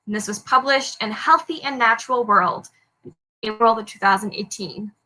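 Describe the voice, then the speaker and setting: A high-pitched young woman with a bright, forceful tone hosts a trivia round. She reads each headline aloud with upbeat energy and laughs off her small slips with quick apologies. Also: rough recording. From Canada. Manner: upbeat, apologetic over slips, lightly joking. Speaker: trivia host. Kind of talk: reading quiz headlines aloud.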